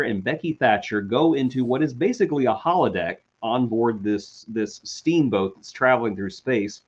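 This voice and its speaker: A man co-hosting a casual chat about TV and film, telling a story with enthusiasm. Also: mid-range voice. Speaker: co-host. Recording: dull lo-fi sound.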